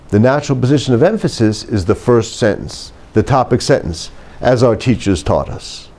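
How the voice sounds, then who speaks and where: A man who teaches writing, delivering a scripted lecture in a measured, emphatic way and dropping his pitch to close each point. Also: mellow. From United States. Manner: measured, emphatic, drops pitch at phrase ends. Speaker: writing instructor.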